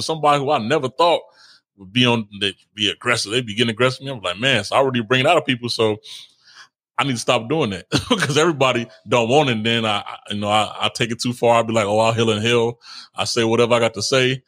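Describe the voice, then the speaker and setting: A man's voice: medium pitch, fast talker, a bit bright, no room sound. A man co-hosting a casual relationship podcast, talking in slang, repeating himself and laughing often. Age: adult, older than co-host. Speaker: podcast co-host.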